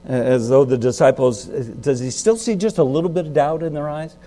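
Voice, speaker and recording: Man, pastor, sermon, mellow warm voice, rhetorical questions, emphatic swings in pitch and volume. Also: normal speed, soft background music. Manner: conversational preaching with rhetorical questions.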